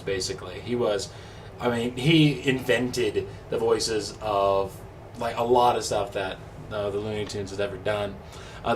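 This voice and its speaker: A young man chatting in a rambling, easygoing, self-deprecating way as a vlogger. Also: on the low side. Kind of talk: casual chat. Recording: distant mic with faint background noise.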